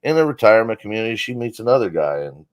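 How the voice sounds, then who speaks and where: A man's voice: lowish voice, big pitch swings, rapid-fire, clear, resonant tone, no room sound. A man telling a rambling, profane comic story on a casual talk show. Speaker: guest comedian.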